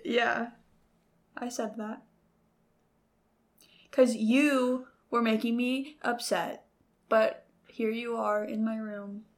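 A woman's voice: a little high, level tone, takes it slowly, pauses often. A young woman chatting casually on a podcast in a bedroom, giggly and rambling. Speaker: podcast co-host. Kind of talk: casual chat.

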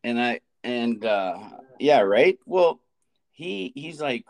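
A man's voice: medium pitch, big pitch swings, slow pace, creaky. A man in his forties, a teacher co-hosting a podcast, telling a rambling story with restarts and frequent laughter. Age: 40s. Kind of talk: casual chat.

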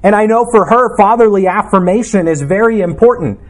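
A man's voice: sits high, a little fast. A man, a pastor, preaching a sermon in an earnest, reflective way, asking his listeners questions.

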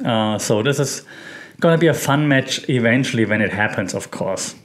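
A man talks through a weekly recap in a relaxed, unscripted way. His voice sits at an ordinary middle pitch. He wanders through his points with frequent fillers and self-corrections. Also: normal speed. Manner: relaxed, rambling, many fillers and restarts. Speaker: host. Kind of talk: casual recap chat.

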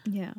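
A woman's voice: highs cut off, a little hiss or hum. Young woman, podcast guest, loose and self-mocking, trails off often. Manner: chatty, self-deprecating, laughs often, trails off with fillers. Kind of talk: casual chat.

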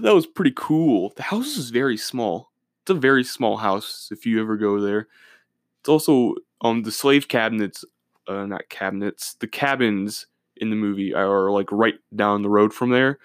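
A man's voice: medium pitch, dry recording, clean studio sound. A young man from Minnesota, hosting a podcast and rambling through profane, self-mocking stories in casual solo chat. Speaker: podcast host.

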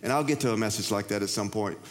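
A man's voice: lowish voice, fast talker. A man, preaching a sermon in a folksy, conversational way with frequent restarts. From United States. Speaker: pastor. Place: church sanctuary. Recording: long reverb of a large hall.

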